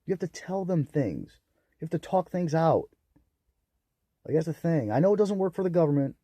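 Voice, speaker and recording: A young man ranting angrily on his own, profane and bitter, swinging into loud outbursts. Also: on the high side, big pitch swings, normal speed, no room sound. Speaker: vlogger. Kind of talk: angry solo rant to camera.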